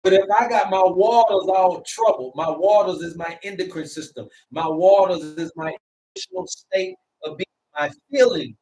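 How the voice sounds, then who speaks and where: Recorded from a distance on poor audio with a faint hum beneath, this live-stream herbalist speaks in a high, very animated voice with a warm tone. He preaches repetitively at his audience, slowing right down and stretching out words for emphasis.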